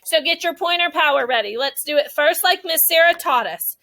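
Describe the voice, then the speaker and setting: Bright high-voiced woman teaching phonics. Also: expressive. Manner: slow, drawn-out modeling of sentences, encouraging. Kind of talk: classroom phonics lesson. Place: classroom.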